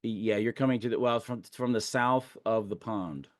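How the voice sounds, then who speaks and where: A man's voice: lowish voice, normal speed, no echo, clean studio sound. A man running a tabletop game as game master, rambling and hesitant, with many fillers and restarts.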